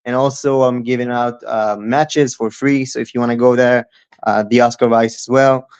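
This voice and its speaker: A man's voice: medium pitch, steady tone, normal speed, darkish tone, clean tone. Eager young man on dull lo-fi audio. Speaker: guest wrestler. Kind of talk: casual interview answers.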